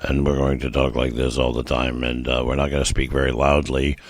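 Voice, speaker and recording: A man mocking a dull county official with a flat, quiet monotone drone. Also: rumbling low, a little fast, no room sound, pitched below the performer's own voice. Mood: droning.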